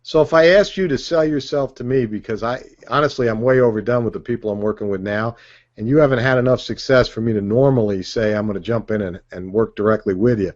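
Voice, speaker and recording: A man leading a sales training session, energetic and joking, driving his points home with "okay?" and "right?". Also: mid-range voice, fast, dull audio. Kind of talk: live sales training talk.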